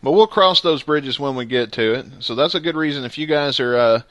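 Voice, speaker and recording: An upbeat man hosts a casual podcast, joking around and laughing easily. His voice has an ordinary pitch. The sound is dry and close, with no room echo. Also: fairly quick, fairly bright tone, muffled recording. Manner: jokey and upbeat, laughs often. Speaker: podcast host.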